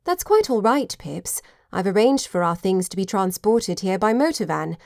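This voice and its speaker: A woman voicing a warm, lively young lady with bright, eager speech. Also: mid-range voice, normal speed, gravelly, dry recording, studio quality.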